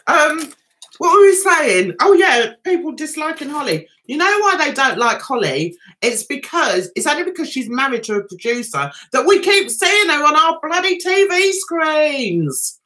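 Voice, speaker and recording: Excitable woman, very lively high voice. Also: moderate pace. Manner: chatty and excitable, reads viewer comments aloud. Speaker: livestream host. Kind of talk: casual livestream chat.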